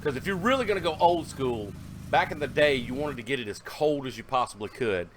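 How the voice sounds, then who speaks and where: A man's voice: mid-range voice, lively intonation, a little fast, a crowd in the background. A man, talking casually and rambling in a hobby video, with fillers and self-corrections. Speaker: car audio hobbyist vlogger. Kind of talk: casual vlog narration.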